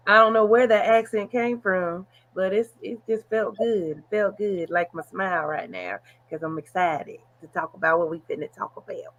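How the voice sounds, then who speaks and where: A woman's voice: medium pitch, normal speed, hardly any pauses, fairly bright tone, muffled recording. A woman co-hosting a podcast, chatting casually in a playful, sing-song way over a video call. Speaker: podcast co-host.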